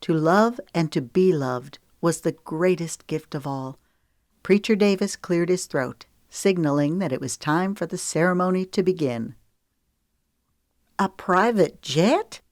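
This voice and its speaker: A woman with a notably low voice narrates an audiobook in an even, measured way. The recording is dry and close, with no room sound behind her. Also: no echo.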